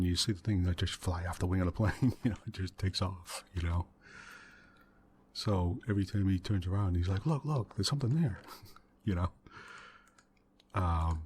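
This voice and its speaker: A man hosting a soft-spoken ASMR gaming video, rambling through a story in a quiet, meandering way with little chuckles. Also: low-pitched, slight background noise. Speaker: ASMR gaming channel host. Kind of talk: soft-spoken ASMR let's play chat.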